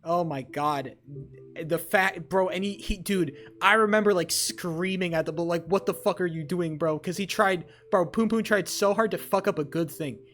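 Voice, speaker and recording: A young man chatting on a live stream, rambling and excitable with lots of swearing. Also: high-pitched, moderate pace. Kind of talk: casual live-stream chat.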